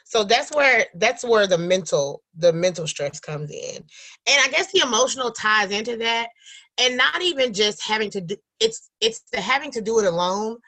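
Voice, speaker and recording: Bright-voiced woman speaking earnestly. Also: fairly high pitch, big pitch swings, normal speed. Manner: earnest, near tears at times, laughs it off. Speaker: guest, single mother running a support group. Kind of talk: emotional casual conversation.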